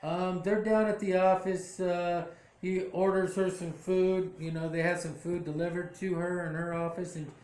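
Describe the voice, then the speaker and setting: A man's voice: sits high, level tone, moderate pace, darkish tone. A man casually recapping a drama episode, rambling with lots of fillers and self-corrections. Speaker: show recap vlogger. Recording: echoey room.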